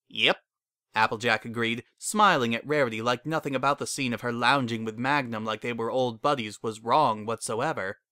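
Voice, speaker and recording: A man narrates a fan fiction story with expressive, dramatic storytelling. His pitch sits mid-range for a man, and the recording is dry and close. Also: brisk, few pauses, clean tone, no echo.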